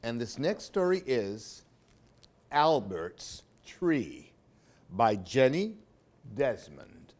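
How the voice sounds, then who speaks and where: A man's voice: mid-range voice, very animated, drawn-out words, long pauses, darkish tone. A man reading picture books aloud for children, with playful asides to young listeners. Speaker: library storytime reader.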